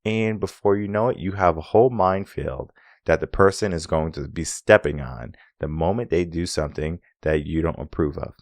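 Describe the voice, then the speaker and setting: A man's voice: deep voice, moderate pace, no room sound, studio quality. A man coaching listeners on relationships in a solo talk. He makes his points with rhetorical questions and acts out bits of dialogue. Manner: acts out quoted dialogue in an animated way.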